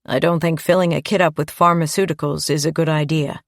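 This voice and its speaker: A woman voicing a calm, gentle man who works with children, in an audiobook. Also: low voice, a little fast, no room sound, clean studio sound. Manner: gentle, even.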